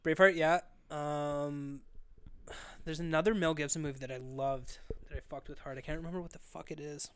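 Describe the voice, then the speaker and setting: A man's voice: on the high side, fairly even intonation, brisk, fairly bright tone, clear, resonant tone, dry recording. A young man co-hosting a podcast, chatting casually with profane, laid-back banter. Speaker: podcast co-host. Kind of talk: casual chat.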